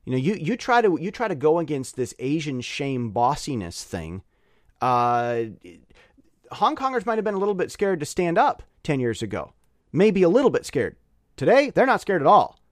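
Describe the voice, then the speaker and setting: A male vlogger talks off the cuff in a rambling, opinionated way, often stumbling and restarting his sentences. His voice sits a bit high and swings widely in pitch. The sound is dry and close. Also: moderate pace, dry recording. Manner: rambling with frequent restarts and repetitions; opinionated, animated. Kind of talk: casual spoken commentary.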